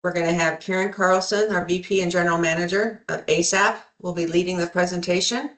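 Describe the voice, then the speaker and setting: Woman moderator on a video call, slightly low voice, polite housekeeping intro. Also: fairly even intonation, fairly quick, fairly bright tone. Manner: polite, scripted-sounding welcome with some ums. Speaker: webinar moderator. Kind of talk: webinar introduction.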